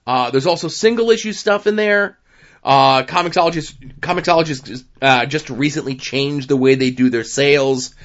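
A man's voice: medium pitch, normal speed, a bit bright. A man co-hosting a podcast, chatting casually and rambling through a list with many fillers. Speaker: podcast co-host. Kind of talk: casual chat. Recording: dull lo-fi podcast audio.

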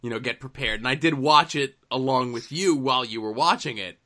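Bright-voiced man, wry and dry. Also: medium pitch, brisk. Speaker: podcast co-host. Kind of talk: casual chat.

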